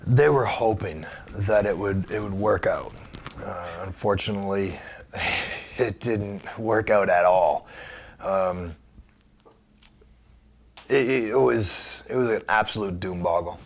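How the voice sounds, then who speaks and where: A man being interviewed, telling a story in a casual, animated way and acting out the voices of the people in it. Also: on the low side, takes it slowly. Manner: animated anecdote teller who acts out quoted voices. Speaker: guest wrestler.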